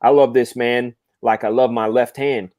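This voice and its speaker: A man's voice: medium pitch, fairly even intonation, moderate pace, a little mellow, no echo, clean studio sound. A man hosting a casual chat, telling rambling, joking stories with the odd swear word. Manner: loose, swearing, laughing anecdotes. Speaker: show host, comic artist.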